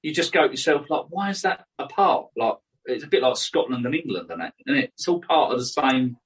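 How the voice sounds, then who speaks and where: Man, casual podcast chat, agreeable, chiming in, lively pitch, husky. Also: brisk, distant mic, low-quality recording. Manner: agreeable, chiming in with short replies.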